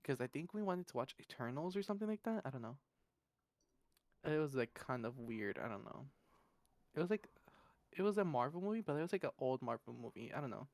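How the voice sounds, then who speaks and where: A podcast host tells stories in a casual, rambling chat, laughing often, filling gaps with "da, da, da," and speaking in a slangy, blunt way. The voice is medium-pitched, sing-song and brisk, with a darkish tone and long pauses. There's no echo.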